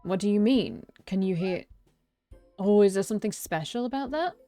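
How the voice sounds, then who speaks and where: A woman reading as a deadpan pointy-eared young man. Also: medium pitch, moderate pace, soft background music, lightly acted. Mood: puzzled. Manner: deadpan, flat; gruff.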